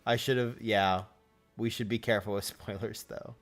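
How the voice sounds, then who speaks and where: A man's voice: fairly low pitch, steady tone, moderate pace, soft background music. A man hosting a casual live stream, chatting with viewers and reacting as he goes.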